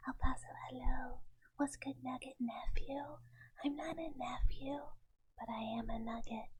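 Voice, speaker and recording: A woman's voice: a little high, a little mellow, slightly rough, rough recording. A woman ASMR streamer whispering playfully, chatting and greeting her viewers by name into an ASMR microphone.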